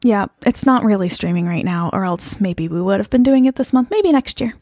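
A woman's voice: medium pitch, fairly quick, dark tone, dry recording, studio quality. A woman co-hosting a podcast in casual chat, laughing often and talking with many fillers. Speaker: podcast co-host.

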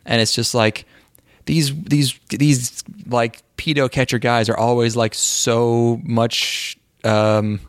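A man's voice: mid-range voice, flat delivery, slow pace, dry recording, clean studio sound. A man co-hosting a casual podcast, rambling and swearing, with lots of filler words. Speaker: podcast co-host.

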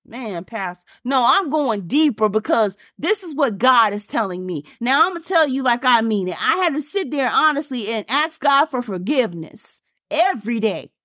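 High-voiced woman preaching fervently. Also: animated, normal speed, hardly any pauses, sharp tone, no room sound, studio quality. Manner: fervent, repetitive preaching with rhetorical questions; colloquial Southern-style phrasing like y'all and ain't. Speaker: pastor. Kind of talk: sermon.

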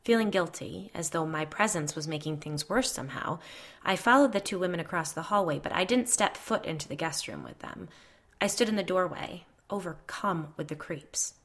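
A woman reading a first-person ghost story aloud in a measured storytelling voice. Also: on the low side, fairly bright tone. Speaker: narrator.

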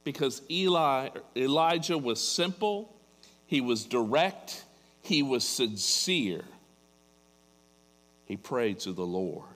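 A man's voice: medium pitch, animated, slow, pauses often, a bit bright. A man preaching a sermon, telling a Bible story dramatically and building to emphatic peaks. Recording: long hall reverb.

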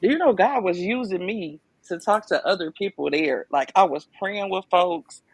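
Gravelly-voiced woman telling her story. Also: on the low side, moderate pace, no echo. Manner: emphatic, conversational, lots of fillers. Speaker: podcast guest. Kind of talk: casual testimony.

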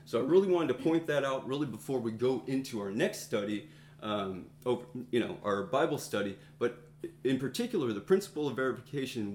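A man leading a Bible study, teaching a group in a conversational way and pausing to find his words. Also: mid-range voice, a little mellow, reverberant, slight background noise. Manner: conversational, thinks aloud, pauses to find words. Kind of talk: informal teaching talk to a group.

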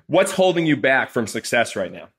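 A man's voice: medium pitch, sing-song, normal speed, a bit bright. A man hosting a podcast interview in an upbeat, game-show manner. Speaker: podcast host. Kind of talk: casual interview chat.

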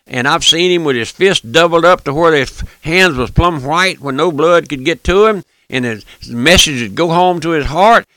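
An older man, preaching a folksy, fervent radio sermon that repeats its phrases and swings between loud and hushed. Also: mid-range voice, vocal fry, no room sound.

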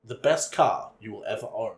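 A man's voice: fairly low pitch, animated, moderate pace, reverberant. A man co-hosting a hobby podcast, joking and crude in casual banter. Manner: joking, crude, frequent laughter. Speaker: podcast co-host.

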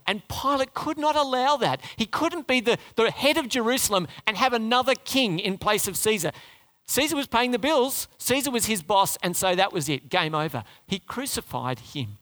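A man preaching a sermon, retelling a story with rhetorical questions and dramatic drops into a low, quiet voice. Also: sing-song, normal speed.

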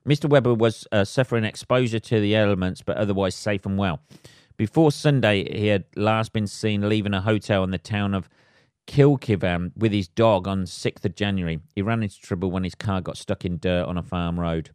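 A man's voice: on the low side, brisk, darkish tone, clean tone, dry recording, clean studio sound. Sweary man ranting on a podcast. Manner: sweary, laughs at his own jokes, acts out voices. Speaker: podcast host. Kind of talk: solo comedic podcast rant.

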